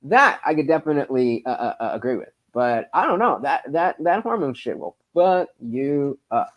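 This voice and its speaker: A man hosts a casual livestream, reading the chat and rambling profanely with plenty of stammered fillers. His voice is mid-range and sing-song at a moderate pace, and the audio sounds dull.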